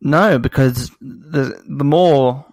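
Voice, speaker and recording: A podcast co-host in casual chat, making playful deadpan jokes. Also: mid-range voice, extremely slow, no echo.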